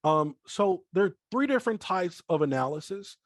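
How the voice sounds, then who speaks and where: A man's voice: sits high, expressive, moderate pace, no room sound, clean studio sound. A middle-aged man leading a live online trading class, talking to the chat and repeating points on purpose as a teaching tool. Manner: repeats himself on purpose, addresses chat directly. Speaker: forex trading trainer. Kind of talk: live online training call.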